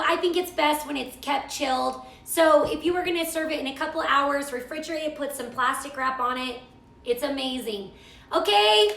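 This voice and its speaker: A middle-aged woman hosts a live cooking stream, chatting, gushing, and responding to viewer comments. Her voice is high and bright with a gravelly, fry-tinged edge, and the audio sounds roomy and echoey.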